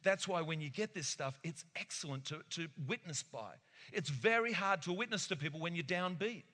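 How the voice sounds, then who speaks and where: A male pastor preaching a lively sermon, acting out little conversations and laughing often. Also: on the high side, normal speed. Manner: animated, acts out voices, laughs often. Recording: echoey hall.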